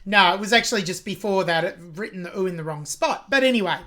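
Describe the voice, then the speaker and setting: An Australian woman reacting to a song, pausing the track to pick apart phrasing and vocal technique in detail. Her delivery is steady and mid-pitched, analytical but openly admiring. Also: over loud music. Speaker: music reaction host.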